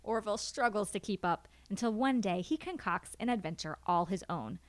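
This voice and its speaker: A woman's voice: medium pitch, expressive, normal speed. A woman co-hosting a casual library podcast, chatting and reading picture-book lines aloud with plenty of giggles.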